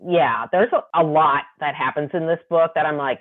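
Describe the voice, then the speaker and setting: A woman co-hosting a casual book discussion podcast, animated, laughing often and reading quotes aloud. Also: low-pitched, moderate pace, few pauses. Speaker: podcast co-host. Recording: tinny phone-like line.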